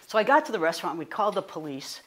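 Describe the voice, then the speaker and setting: A woman, a guest speaker telling a personal story in an animated, conversational way, full of fillers and self-corrections. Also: medium pitch, very fast. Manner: animated, rising to indignant.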